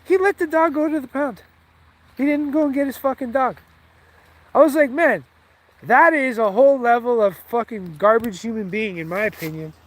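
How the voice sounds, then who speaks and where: A man's voice: very high-pitched, moderate pace. A man telling a rambling, heated story with lots of swearing, in a casual, offhand way. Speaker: vlogger.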